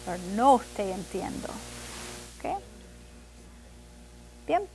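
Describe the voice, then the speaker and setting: High-voiced woman teaching a Spanish class. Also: faint music behind. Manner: mixes English and Spanish, repeats phrases slowly for learners. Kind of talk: classroom language lesson.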